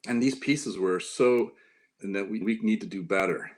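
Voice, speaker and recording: A man's voice: on the low side, moderate pace. A middle-aged man from Upstate New York, telling long anecdotes in a casual interview, full of fillers and restarts. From Upstate New York, near Lake Ontario. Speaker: interview guest, former White House staffer.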